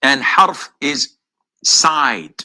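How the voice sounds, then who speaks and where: A man giving a measured, explanatory answer to a viewer's question, pausing now and then. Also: mid-range voice, very animated, sharp tone, rough recording. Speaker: Muslim preacher answering questions. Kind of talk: explanatory lecture.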